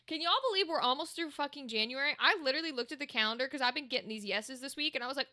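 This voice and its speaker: A woman's voice: sits high, fast, hardly any pauses, bright, forceful tone. A woman livestreaming, chatting loosely with her viewers and reading their messages, rambling and swearing casually. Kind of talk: casual chat with chat.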